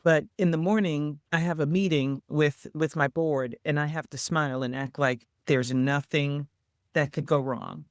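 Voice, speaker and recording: A man's voice: a little high, measured pace, no room sound, clean studio sound. A man hosting an interview, chatty and enthusiastic, introducing topics and asking questions. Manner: enthusiastic, chatty, animated when paraphrasing. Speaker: host and entrepreneur coach.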